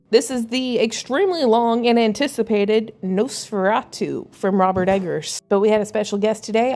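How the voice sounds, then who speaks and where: A woman's voice: medium pitch, a little mellow. Irreverent woman recapping a movie. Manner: irreverent, crude, sarcastic storytelling. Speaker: movie reviewer. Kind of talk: casual spoiler recap.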